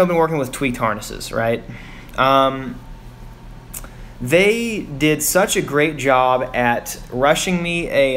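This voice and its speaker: A man's voice: medium pitch, a bit bright, slight background noise. A young man venting on a casual live stream from his home garage, sighing often and rambling with fillers about a bad experience. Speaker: vlogger.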